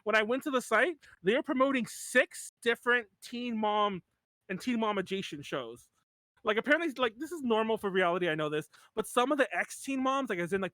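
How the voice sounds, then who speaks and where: A man's voice: high voice, sharp tone, dry recording. A man in his thirties hosting a podcast in casual chat, rambling with lots of "like" and restarts and laughing often. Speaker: podcast host.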